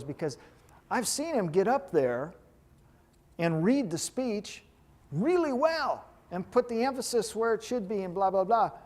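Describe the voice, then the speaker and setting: A man teaching a class on hypnotherapy in a lively way, joking now and then and putting questions to his audience. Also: sits high. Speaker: hypnotherapy instructor. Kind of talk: lecture to a live class.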